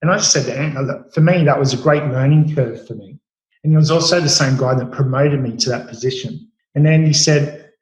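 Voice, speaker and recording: A man's voice: mid-range voice, fairly quick, echoey room, rough recording. A middle-aged Australian man, a chef, telling stories casually in an interview, rambling with many fillers and restarts. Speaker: chef, podcast guest.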